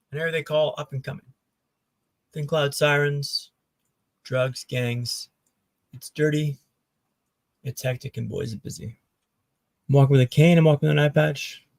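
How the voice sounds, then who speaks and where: A man's voice: a little high, creaky, dark tone, no room sound. A man, a podcast guest and keynote speaker, telling a dramatic personal story in short punchy phrases with dry humor over a video call.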